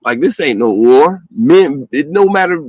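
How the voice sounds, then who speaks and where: Profane animated man, dry sound. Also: fairly high pitch, a little slow, breathy edge, no room sound, rough recording. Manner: profane, animated, laughs often. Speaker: podcast host. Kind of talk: casual opinionated chat.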